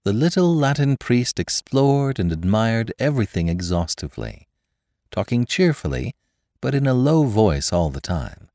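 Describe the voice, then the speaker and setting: A man narrating a classic story as a podcast host, in measured, expressive storytelling. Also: lowish voice, no room sound, studio quality. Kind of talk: audiobook narration.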